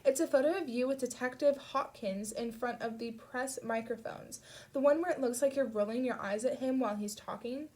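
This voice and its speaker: A woman's voice: on the high side, a little fast, darkish tone, lightly acted. A woman reading an audiobook, voicing a chatty, teasing teenage girl who is the heroine's best friend, in a raised, bubbly voice. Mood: excited.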